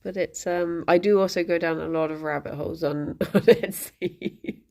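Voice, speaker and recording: A woman's voice: on the low side, steady tone, normal speed, a little mellow. A woman streaming from home, chatting in a rambling, easygoing way and often breaking into laughter. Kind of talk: casual chat to a live stream.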